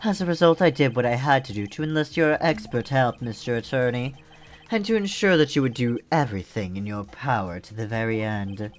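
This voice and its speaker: A man voicing a soft-spoken, courteous male assassin with mannered politeness, reading game dialogue aloud on a stream. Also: mid-range voice, brisk, lightly acted. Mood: polite menace.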